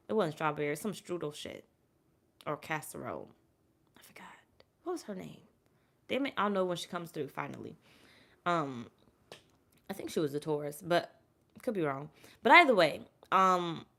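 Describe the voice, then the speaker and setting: A woman doing a casual tarot reading to her viewers, blunt and profane, addressing them directly and swinging between loud urging and quiet asides. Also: medium pitch. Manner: talks straight to her audience as "y'all". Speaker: tarot reader.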